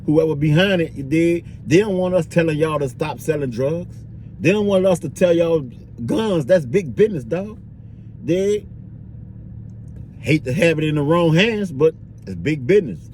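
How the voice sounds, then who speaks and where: A man's voice: fairly high pitch, expressive, normal speed, darkish tone, a little hiss or hum. Slangy man in a street-talk monologue. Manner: loose slangy delivery, constant "you dig", "dog", "bro". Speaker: vlogger.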